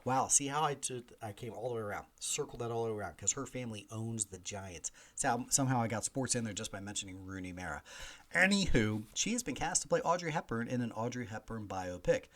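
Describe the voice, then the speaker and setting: A man's voice: mid-range voice, a little fast. A man in his forties hosting a podcast, chatting casually and animatedly through movie reviews and news. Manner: animated, chatty, mock voices in quotes. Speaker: podcast host. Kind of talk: solo movie review chat.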